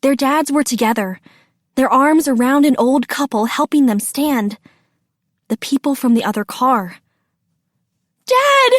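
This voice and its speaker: A woman narrating a children's storybook with a steady, deliberate reading. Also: sits high, dry recording, studio quality.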